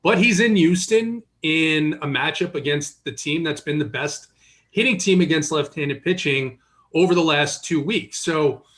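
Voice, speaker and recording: A man giving measured, dry analysis of baseball pitching matchups. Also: a bit bright. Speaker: sports analyst. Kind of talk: casual sports analysis.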